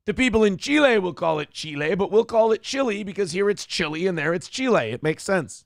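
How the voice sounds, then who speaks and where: A man's voice: high voice, animated, brisk, creaky, dry recording, clean studio sound. A man from Minnesota hosting a casual commentary show, ranting sarcastically and swearing freely. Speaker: host.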